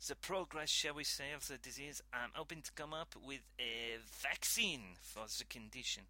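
A man voicing a serious elderly French scientist with a put-on French accent, halting and formal. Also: mid-range voice, pushed and bright. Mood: grandly earnest.

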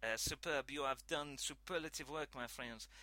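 Guy doing a stiff old french scientist, formal, halting, bright dry voice. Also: mid-range voice, no echo, natural voice. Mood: grandly earnest. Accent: French (put on). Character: serious elderly male French scientist.

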